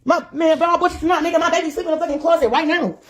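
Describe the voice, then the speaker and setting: In a video clip being played, a woman launches into a furious, profane rant, cursing constantly and repeating herself in agitation. Her voice is very high and fast.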